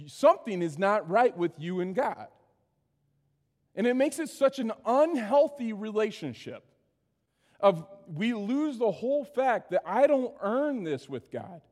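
Male pastor, higher-pitched voice, chatty sermon delivery, big echoing sanctuary. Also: big pitch swings, a little slow, darkish tone. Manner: conversational preaching, frequent "right?" asides.

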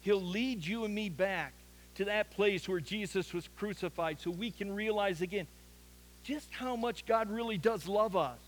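A man's voice: high-pitched, moderate pace, slight background noise, low-quality recording. A man preaching an earnest sermon as a pastor, building to emphatic peaks.

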